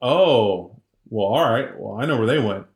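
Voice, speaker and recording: A man's voice: on the low side, expressive, unhurried, reverberant. A man voicing a friendly, laid-back male owl spirit who talks like a casual neighbor. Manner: chatty, easygoing, folksy.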